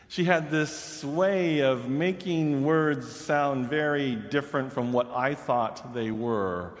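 A man from the Pacific Northwest preaching a sermon as a humorous, animated storyteller. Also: medium pitch, slow. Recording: long reverb of a large hall.

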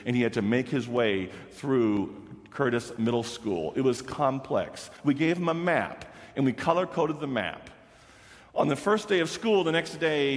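Male former teacher, mid-pitched, measured storyteller, reverberant hall sound. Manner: measured, reflective, with deliberate slow pauses. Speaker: former middle school teacher. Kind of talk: storytelling talk to an audience.

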